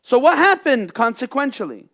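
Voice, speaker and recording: A man delivering a Friday sermon in a mosque, impassioned, with loud emphatic peaks and hushed lows, weaving in Arabic phrases. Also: very animated, moderate pace, creaky. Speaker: imam giving a Friday sermon. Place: mosque prayer hall.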